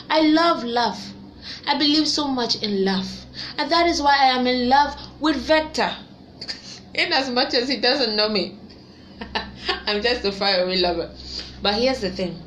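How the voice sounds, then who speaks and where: A woman's voice: fairly high pitch, fairly bright tone, a little hiss or hum. A young Nigerian woman with a Nigerian accent, chatting animatedly and preaching about love and relationships, laughing often and slipping into pidgin. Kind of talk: casual chat commentary.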